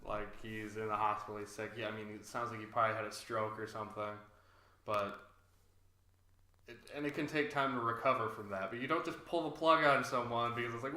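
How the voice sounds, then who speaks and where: A man's voice: lowish voice, steady tone, a little fast, bright, forceful tone, roomy sound. A man co-hosting a podcast, chatting casually with dry, skeptical remarks. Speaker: podcast co-host. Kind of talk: casual recap chat.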